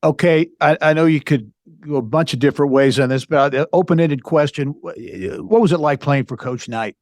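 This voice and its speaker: Male interview host, slightly high voice, short affirmations, dry close sound. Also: moderate pace, a little mellow, no echo. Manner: brief affirmations, open questions. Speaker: podcast host.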